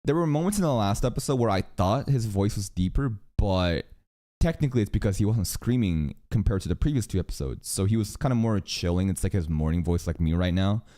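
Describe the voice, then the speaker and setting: Male streamer host with an animated pitch, loose and profane while chatting. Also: brisk. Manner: animated, swears freely, reacts and jokes with chat. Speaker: livestream reaction host. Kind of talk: casual livestream chat.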